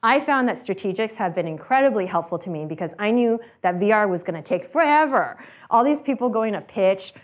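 A woman's voice: medium pitch, animated, fairly quick. A woman and startup founder giving a casual talk to an audience, chatty, laughing often and acting out the voices of people she quotes.

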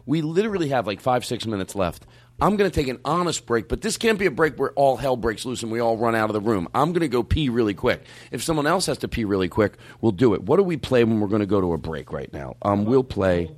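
A man hosting a comedy podcast in casual chat, playful and quick to laugh and joke with his guest. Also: mid-range voice, big pitch swings. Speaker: podcast host.

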